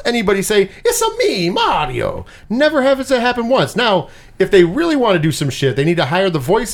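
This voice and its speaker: A man hosting a casual pop-culture chat, animated and swearing freely, with lots of repeated words. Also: high-pitched. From US Northeast. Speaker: podcast host.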